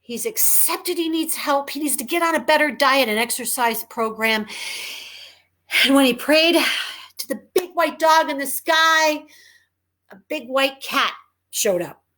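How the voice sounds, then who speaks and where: A woman author reading her own children's book aloud in an animated, emphatic, chatty way. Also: high-pitched, measured pace. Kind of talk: children's storytelling.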